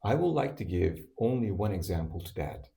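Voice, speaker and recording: A man's voice: low voice, sing-song, fairly quick, gravelly, warm tone. A man teaching a scripted language lesson, explaining rules step by step and repeating each example word for learners.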